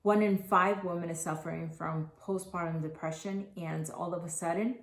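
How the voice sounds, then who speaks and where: A woman in her thirties telling her own story to camera, earnest and halting, with many restarts. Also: on the low side, steady tone. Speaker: mother sharing her postpartum story. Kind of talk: personal testimonial to camera. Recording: echoey room.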